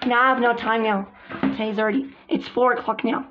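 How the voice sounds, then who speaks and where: A woman voicing several girl characters in a hobby drama, exclaiming frantically and swinging between shouts and mutters. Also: fairly high pitch, fairly even intonation, brisk, background noise. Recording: dull lo-fi recording with music behind.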